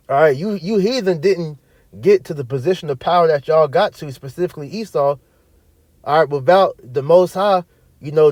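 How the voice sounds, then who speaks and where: A man's voice: on the high side, a little mellow, no room sound. A man preaching and teaching scripture, emphatic and repetitive, often tagging his points with "all right" and reading verses aloud. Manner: reads verses aloud in archaic wording; mutters away from the mic while searching.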